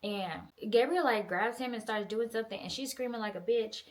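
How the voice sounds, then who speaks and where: A young woman recapping a novel in a casual, profane, animated way, acting out the characters' lines. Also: fairly high pitch, brisk. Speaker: book reviewer. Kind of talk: casual book review recap.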